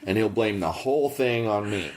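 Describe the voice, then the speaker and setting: Man, podcast co-host, low voice, very animated pitch, teasing, casual chat. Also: normal speed.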